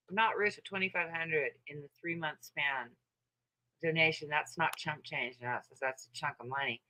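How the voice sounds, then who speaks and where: Bright-voiced woman ranting profanely on a livestream. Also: fairly low pitch, low-quality recording. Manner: profane, mocking, laughs often. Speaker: livestream host. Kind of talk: casual ranting livestream chat.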